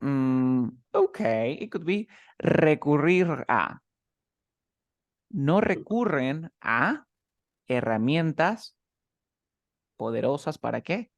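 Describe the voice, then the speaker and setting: Male English tutor, animated and patient, bilingual explanations, lively pitch. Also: takes it slowly, vocal fry, long pauses, no room sound, lo-fi sound. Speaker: English teacher.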